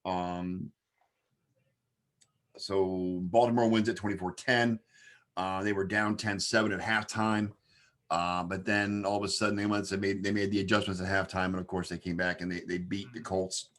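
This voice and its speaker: A man with a fairly low voice hosts a relaxed sports podcast. He works through scores and player numbers out loud, padding them with fillers and restarts as he goes. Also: normal speed. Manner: rattles off game stats with many fillers. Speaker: podcast host. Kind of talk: casual sports podcast chat.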